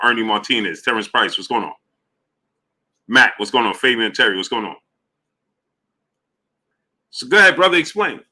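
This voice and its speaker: A man hosting a live boxing talk stream. He greets viewers one by one in a loose, casual, slangy way. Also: on the low side. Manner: loose, repetitive shout-outs in a friendly drawl, slips into slang.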